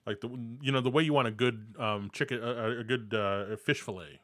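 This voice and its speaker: A man on a podcast chatting casually and reading food notes aloud, stumbling and restarting as he goes. His voice is mid-pitched and sounds close and dry, with no room around it. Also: a little fast, fairly bright tone, no echo. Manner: reads food facts aloud, many restarts. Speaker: podcast co-host.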